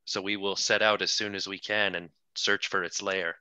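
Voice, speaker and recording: A man's voice: low voice, level tone, normal speed, sharp tone, clean tone, no room sound. A man playing a tabletop game who explains things politely, often stammering and restarting. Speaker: player. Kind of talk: casual tabletop play.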